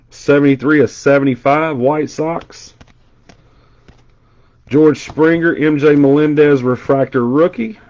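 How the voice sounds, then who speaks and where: A man's voice: mid-range voice, a little mellow, lo-fi sound. A man hosting a card break on a casual live stream. He chats and tells stories as he rattles off card names.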